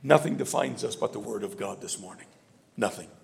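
A man preaching a sermon as pastor, asking the congregation for call-and-response and swinging from low murmurs up to shouts. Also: lively intonation, brisk, vocal fry, long reverb tail, slight background noise.

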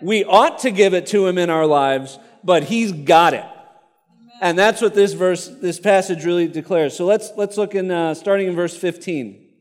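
A man's voice: high voice, normal speed, long reverb tail. A man preaching a sermon, reading a martyr story aloud in an earnest tone with casual asides to the congregation.

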